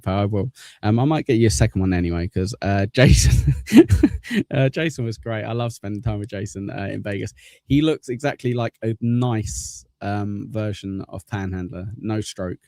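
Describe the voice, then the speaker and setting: A man's voice: fairly low pitch, dark tone, no room sound, clean studio sound. A man hosting a livestream, chatting casually as he thanks channel members, rambling and self-deprecating. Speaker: livestream host.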